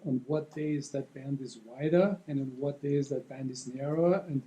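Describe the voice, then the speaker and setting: A man's voice: medium pitch, moderate pace, warm tone. A man in the audience asking the presenter thoughtful questions and agreeing along in casual talk. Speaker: audience member. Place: meeting room at a soaring club.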